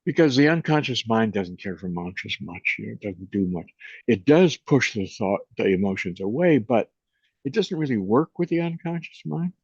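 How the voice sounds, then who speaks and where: Old guy in his 80s talking slow and gentle about the mind, dry dull lo-fi sound. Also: on the low side, expressive, breathy edge, no room sound. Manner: unhurried, gentle, often trailing off softly. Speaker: co-host, meditation and consciousness teacher. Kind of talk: reflective conversation and guided meditation.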